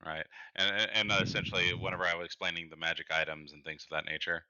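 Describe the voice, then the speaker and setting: A man's voice: deep voice, level tone, fast talker, sharp tone, clear, resonant tone, no room sound, muffled recording. A man playing a tabletop game over voice chat, joking and playful. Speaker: player.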